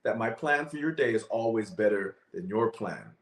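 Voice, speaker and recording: A man voicing God as a patient, fatherly figure, speaking in a calm, measured way in a roomy space. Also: fairly low pitch. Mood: reassuring.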